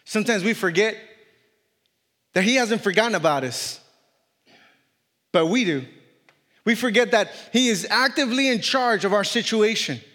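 The preacher's voice sits high, bright and forceful, at normal speed with frequent pauses. Speaking English as a non-native speaker, he reads scripture and then hammers his points with repetition and mounting emphasis, joking self-consciously about his accent. The church hall leaves a long reverb.

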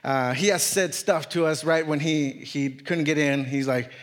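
A man in his thirties preaching a sermon as a guest speaker, telling a personal story earnestly, with many halting restarts. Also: on the high side, big-room sound.

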